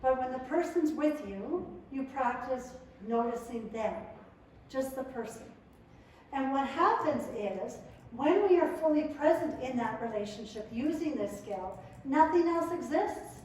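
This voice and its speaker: A woman presenting to a live audience in a lively, conversational way, acting out quotes as she goes. Her voice sits a touch high. She is caught from a distance in a very echoey room with a faint hiss behind her. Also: unhurried. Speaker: family skills workshop presenter. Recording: echoey room, mic far off.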